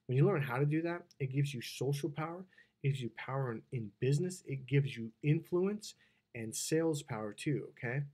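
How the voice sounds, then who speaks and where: A man's voice: mid-range voice, normal speed, breathy edge. A dating and relationship coach, a man, giving a seminar talk to an audience and acting out the dialogue of the stories he tells. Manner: animated storyteller who acts out quoted dialogue. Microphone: wired microphone.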